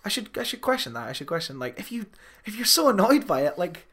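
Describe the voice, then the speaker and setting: A young man co-hosting a podcast, chatting casually, animated, swearing freely and laughing often. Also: sits high, fast talker, husky. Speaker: podcast co-host. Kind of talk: casual chat.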